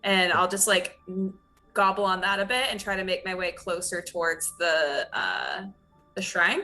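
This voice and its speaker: A woman playing a tabletop game, her voice bright and forceful. She talks in a playful, casual way and laughs easily. Faint music plays behind her. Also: fairly low pitch, moderate pace. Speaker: player.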